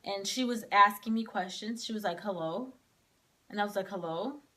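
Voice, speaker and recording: A woman's voice: medium pitch, steady tone, quick pace, pushed and bright. A young woman casually telling a personal story to camera, filling her talk with "like" as she relives it. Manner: casual, heavy use of "like", emotional retelling.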